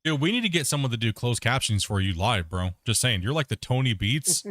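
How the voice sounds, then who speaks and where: A man's voice: medium pitch, sing-song, a little fast, a bit bright, no room sound. A man hosting a live gaming stream in casual chat, rambling and laid-back, laughing at himself and calling people "bro". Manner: rambling, laid-back, full of "bro" and "you know what I mean". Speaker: livestreaming gamer host.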